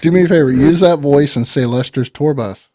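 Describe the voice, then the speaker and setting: A man's voice: a little high, fairly quick, warm tone, dry recording, clean studio sound. A man hosting a casual interview, asking questions in a friendly way with plenty of fillers. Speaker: interviewer host.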